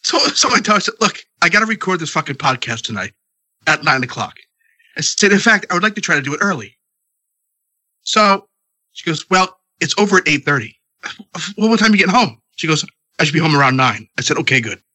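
A man's voice: a little high, animated, a little fast, bright, forceful tone. A congested man in his thirties ranting profanely about his night at home, as a podcast co-host. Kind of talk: casual chat.

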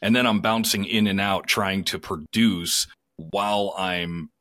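A man's voice: low voice, steady tone, measured pace, pushed and bright, dry recording, clean studio sound. A man hosting and producing a podcast, trading wry, teasing banter. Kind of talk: casual chat.

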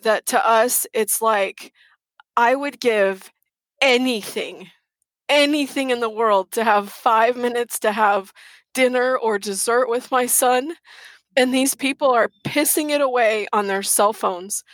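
A middle-aged woman talks as an interview guest, earnest and emphatic, leaning on repeated words to drive a point home. Her voice sits a little high, and the recording is dry and close. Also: measured pace, no room sound. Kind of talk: casual interview chat.

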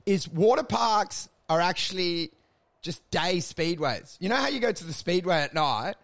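A man rambles through crude comic stories on a casual podcast. His voice sits fairly high for a man and has a gravelly, creaky edge. He talks in a loose, animated way. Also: normal speed. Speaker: podcast co-host. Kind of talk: casual comedic chat.

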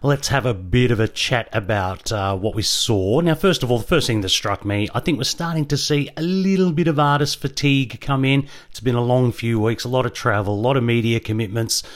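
A man with an Australian accent co-hosting a casual chat show, talking in a measured, easygoing way. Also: mid-range voice. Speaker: podcast co-host.

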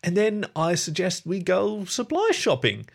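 Terse grumbling male rat, raised high and lively, man voicing him. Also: unhurried, gravelly, exaggerated voice. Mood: calm. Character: grumpy steady male rat, adult husband.

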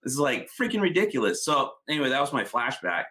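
A man telling car stories in casual, profane, animated chat. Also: mid-range voice, fast talker, slight background noise.

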